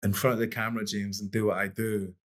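This middle-aged podcast guest, a boxing coach, talks at a quick pace in a lowish, slightly bright voice with little pitch movement. His storytelling is relaxed and rambling, with many restarts.

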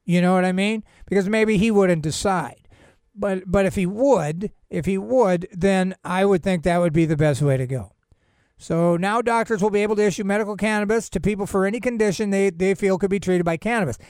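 A man's voice: high-pitched, fairly quick, darkish tone, smooth, no room sound, studio quality. A man hosting a cannabis news show, reading headlines with sarcastic, rambling asides and jokes. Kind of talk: casual news commentary.

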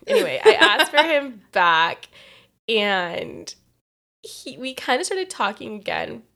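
A woman's voice: on the high side, very animated, slow, creaky, pushed and bright. A woman in her twenties from California, a podcast co-host telling a personal story in casual chat, candid and profane, often laughing mid-sentence.

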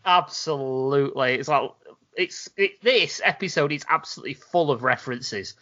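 A man's voice: medium pitch, expressive, normal speed, pushed and bright, highs cut off. A man co-hosting a podcast in casual chat, laughing often and repeating himself for emphasis. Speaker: podcast co-host.

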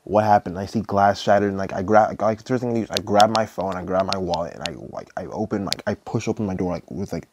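A man's voice: low voice, fast, few pauses, background noise. A young man hosting a podcast, telling a personal story in a rambling, casual way, full of "like" and swearing. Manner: rambling, heavy use of "like", profane. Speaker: podcast host.

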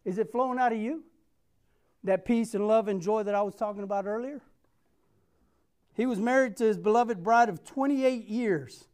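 A man's voice: sits high, moderate pace, pauses often, a little mellow. A middle-aged man delivers a sermon in an earnest, emphatic way. He repeats phrases for weight and speaks straight to the people in front of him. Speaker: pastor.

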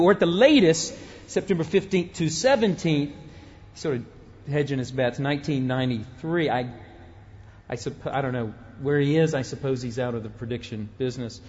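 A man's voice: a little high, a little mellow, highs cut off. A middle-aged male pastor preaching a sermon in a conversational, humorous way, often breaking off and restarting his sentences. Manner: conversational and humorous, with frequent self-interruptions.

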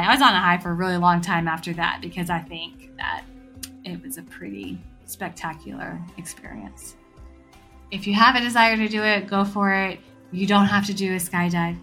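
A woman hosting a podcast, telling a story in a casual, animated way and acting out the voices she quotes. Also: lowish voice. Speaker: podcast host.

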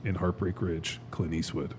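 A man co-hosting a podcast in playful casual banter, slowing down to stress his points. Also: sits low, little pitch movement, a little mellow, slight background noise. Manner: playful, drawls emphasis, slows for effect. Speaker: podcast co-host.

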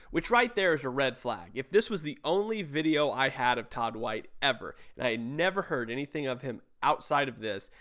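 A man's voice: mid-range voice, fairly bright tone. A man reviewing a sermon he plays in pieces, talking casually and critically, with restarts and asides. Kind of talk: casual commentary over a played sermon.

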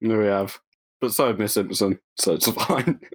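A man's voice: lowish voice, moderate pace, no echo. A young man co-hosting a podcast, giggling and bantering playfully. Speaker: podcast co-host. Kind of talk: casual chat.

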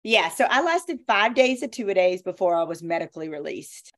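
A woman's voice: fairly low pitch, normal speed. Emphatic woman telling stories in an interview. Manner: emphatic, animated storytelling. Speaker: guest, former sportscaster. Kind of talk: conversational interview.

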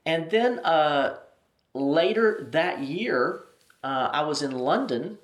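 Animated storytelling man, roomy sound. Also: a little high, takes it slowly. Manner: animated storyteller, acts out quoted dialogue. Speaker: ministry president, interview guest. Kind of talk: storytelling in an interview. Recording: roomy echo.

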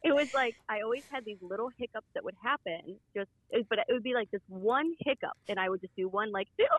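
A woman telling a self-deprecating story in a casual chat, at an unhurried pace. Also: medium pitch, fairly bright tone, dry recording, low-quality recording. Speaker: guest.

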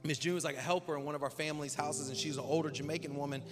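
A young male pastor preaching in a church hall, his voice carrying a long reverb. His tone sits a bit high for a man. He swings between quiet, drawn-out lines and loud, punchy ones, with relaxed, chatty asides. Music plays steadily behind him. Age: young adult. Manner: dynamic, swinging from hushed and slow to loud and emphatic; casual, conversational asides with fillers like "like" and "man". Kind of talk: sermon. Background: background music.

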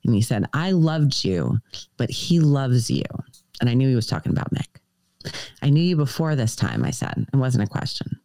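Woman telling a story, lively pitch. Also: moderate pace, creaky, no room sound. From United States. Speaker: podcast guest. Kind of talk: storytelling on a podcast.

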